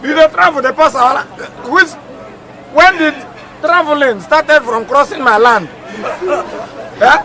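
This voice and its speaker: A man's voice: very high voice, measured pace, long pauses, heavily acted. An actor playing a proud, short-tempered village king in a comedy skit, speaking with a Nigerian accent in a blustering, threatening way. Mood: raging. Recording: outdoor take with loud crowd.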